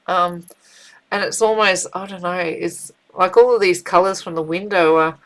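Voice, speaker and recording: A middle-aged woman giving a casual spiritual tarot reading, chatty and animated, with frequent fillers and restarts. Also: fairly low pitch, normal speed, low-quality recording. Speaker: tarot reader.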